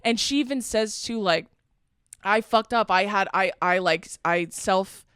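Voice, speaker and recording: A young woman co-hosting a podcast in casual chat, animated and swearing a lot as she acts out what people said. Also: mid-range voice, a little slow, smooth, no echo, studio quality. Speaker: podcast co-host.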